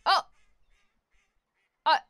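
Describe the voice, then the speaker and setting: A woman streaming a game live, talking to chat in an excitable, swear-filled way and shrieking when scared, with game music behind her. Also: very slow, a little hiss or hum. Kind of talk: live gaming stream commentary.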